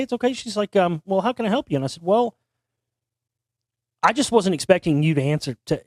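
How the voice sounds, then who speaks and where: A man's voice: on the high side, a little mellow, dry recording, clean studio sound. A man hosting an internet talk show, telling a long story in a rambling, casual way with frequent restarts and casual swearing. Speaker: podcast host.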